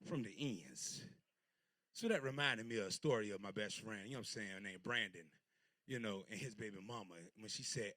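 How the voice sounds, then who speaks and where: This stand-up comedian in his thirties, from Portsmouth, Virginia, tells loose, rambling stories packed with crude jokes. His mid-range voice is a bit bright, captured in a dry, studio-quality recording.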